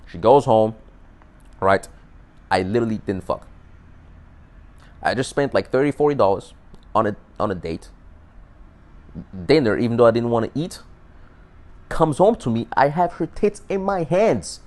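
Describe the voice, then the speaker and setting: A man's voice: on the low side, normal speed, long pauses. A man telling a dating story in a casual, profane monologue, often repeating and restarting words. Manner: animated, emphatic. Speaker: dating advice vlogger.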